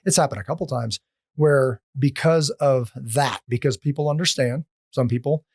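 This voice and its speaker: A man on a podcast as a guest, telling casual stories in an animated way, often restarting his sentences. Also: medium pitch, normal speed, no echo, studio quality. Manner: animated, acts out quoted lines, frequent restarts. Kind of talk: casual storytelling.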